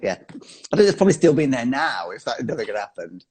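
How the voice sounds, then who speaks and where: A man, a choreographer guest chatting casually and telling a funny story in an animated way, full of fillers. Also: medium pitch, fast talker, slight background noise, low-quality recording.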